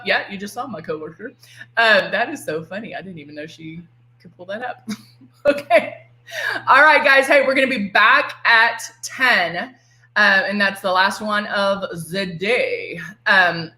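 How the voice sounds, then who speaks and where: A woman's voice: mid-range voice, bright, forceful tone, reverberant, poor audio. A woman, presenting a casual live makeup demo from home, chatty and giggly, greeting viewers by name. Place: home room.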